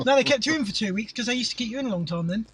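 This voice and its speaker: Recorded in a parked car on a distant mic with background noise, a middle-aged Englishman co-hosting a podcast tells crude, sweary stories and laughs through casual chat. His voice is very high-pitched.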